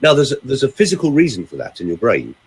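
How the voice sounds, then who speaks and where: A male vocal coach telling a story in a casual chat. His voice swings widely in pitch as he talks. The tone is smooth and resonant. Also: fast, rough recording. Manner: lively, animated storytelling with varied pace.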